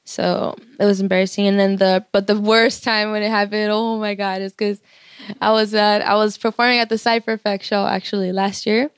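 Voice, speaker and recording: A woman's voice: mid-range voice, level tone, fairly quick, clean tone, no echo, studio quality. A young woman musician in an interview, talking openly with many fillers and restarts and laughing often. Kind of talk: candid interview talk.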